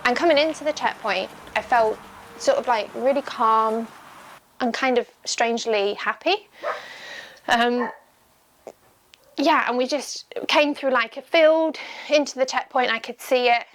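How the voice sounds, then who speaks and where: A woman's voice: fairly high pitch, unhurried, long pauses, a little hiss or hum. A young adult woman, an ultramarathon runner, recalling her race in a candid, chatty documentary interview full of "like" and "um".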